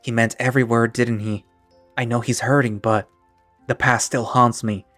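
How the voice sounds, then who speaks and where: A man's voice: medium pitch, level tone, moderate pace, a bit bright, no echo, soft background music, natural voice. A man voicing a guilt-ridden young man who speaks hesitantly and blames himself, in a one-man audio drama. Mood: guilty. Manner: hesitant, self-reproaching.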